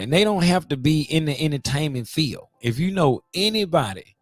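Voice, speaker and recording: A man's voice: fairly high pitch, normal speed, dry recording, clean studio sound, faint music behind. A man hosting his own podcast, rambling and swearing freely as he invites guests. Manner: rambling, profane and animated. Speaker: podcast host. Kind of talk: casual podcast monologue.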